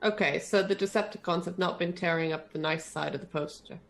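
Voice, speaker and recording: A woman's voice: on the low side, brisk, creaky. A woman playing in a tabletop game, terse and questioning. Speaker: player. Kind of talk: casual play chat.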